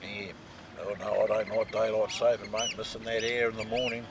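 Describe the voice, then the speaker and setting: A man's voice: fairly low pitch, level tone, a little fast, noisy background. Chatty New Zealand man at camp. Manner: chatty, peppers talk with "mate" and "eh". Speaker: vlog co-host. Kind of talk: casual outdoor vlog chat. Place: outdoor campsite.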